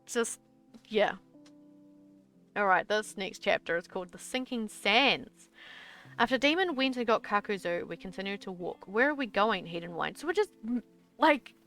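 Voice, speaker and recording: Bright-voiced young woman reading aloud. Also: mid-range voice, animated, moderate pace, soft background music. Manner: reads in bursts, breaks off into exasperated swearing asides. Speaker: streamer. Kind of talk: reading her old story aloud with commentary.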